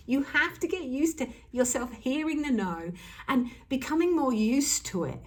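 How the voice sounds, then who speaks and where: Earnest breathy woman coaching. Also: high voice, animated, normal speed. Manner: earnest, emphatic, repeats key words. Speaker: self-help coach. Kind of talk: earnest motivational talk to camera.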